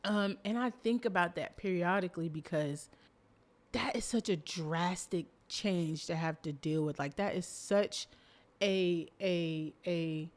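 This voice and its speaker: A young adult woman hosting a podcast, telling a personal story in a casual, animated way, full of fillers and bursts of loud laughter. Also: lowish voice, a little slow. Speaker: podcast host.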